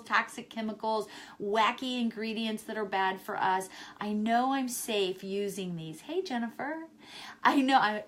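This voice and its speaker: A woman's voice: on the high side, a little hiss or hum. Encouraging woman chatting on a live stream. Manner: warm, encouraging, repeats key phrases. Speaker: wellness vlogger selling essential oils. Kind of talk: live-streamed casual talk to viewers. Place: home in Chicago, indoors.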